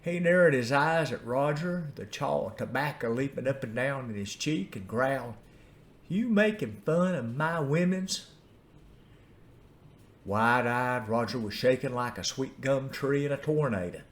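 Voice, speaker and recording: An older man with an Appalachian accent telling a folksy story in an unhurried, homespun way. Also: mid-range voice. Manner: folksy, drawn-out story delivery. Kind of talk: storytelling narration.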